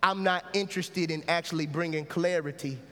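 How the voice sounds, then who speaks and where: A man preaching a sermon in a lively, casual style, calling out to the congregation for a response. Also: on the high side, fairly quick, slight background noise. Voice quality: casual, conversational phrasing. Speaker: pastor. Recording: hall reverb.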